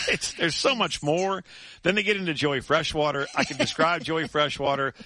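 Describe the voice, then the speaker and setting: A man hosting sports radio, telling a story in animated chat full of restarts and laughs. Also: a little high, normal speed, dry recording.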